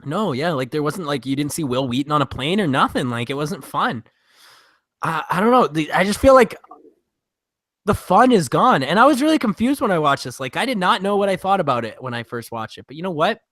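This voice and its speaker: A man's voice: on the high side, brisk, no room sound, studio quality. A man co-hosting a casual movie review podcast, swearing freely and acting out scenes from the films. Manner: animated, swears, acts out scenes in voices. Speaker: podcast co-host.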